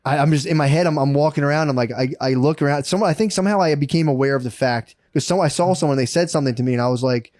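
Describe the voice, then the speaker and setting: A man's voice: a little high, racing, few pauses, a little mellow, no echo, clean studio sound. A man co-hosting a comedy podcast in casual chat, rambling through long stories and saying "dude" constantly. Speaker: podcast co-host.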